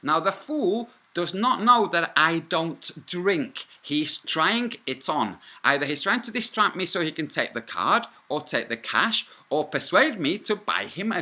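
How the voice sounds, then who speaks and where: Forceful profane man ranting. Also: a little high. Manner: combative, profane, rambling asides. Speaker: vlogger. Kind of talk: angry first-person storytelling.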